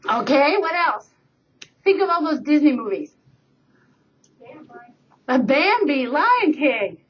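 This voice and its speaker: High-voiced woman telling a story to class. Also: takes it slowly. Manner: lively storyteller, voices for effect. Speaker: teacher. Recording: dull lo-fi webcam recording.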